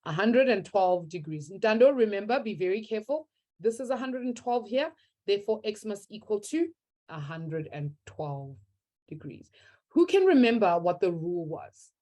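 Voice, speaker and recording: A woman's voice: medium pitch, big pitch swings, normal speed, mellow. A young woman teaching a live online maths class, upbeat and encouraging as she reads out students' answers from the chat.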